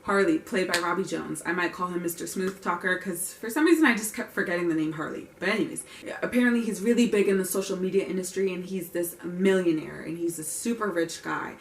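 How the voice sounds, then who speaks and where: A woman's voice: fairly low pitch, fairly quick, a little hiss or hum. A young woman giving a casual, opinionated film recap with wry asides. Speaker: vlogger reviewing a film. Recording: roomy, distant mic.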